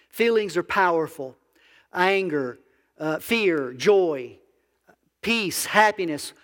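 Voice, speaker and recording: A man's voice: high voice, a bit bright, in a large hall. A man, a biblical counselor, preaching a conversational sermon that asks the audience questions. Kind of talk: sermon to a congregation.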